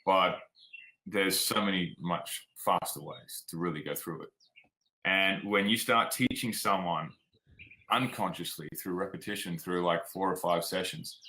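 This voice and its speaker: Deep-voiced Australian man, bright and forceful. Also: moderate pace, low-quality recording. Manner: frank and plainspoken, drops "like" and "man". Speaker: guest, performance coach. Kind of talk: casual interview storytelling.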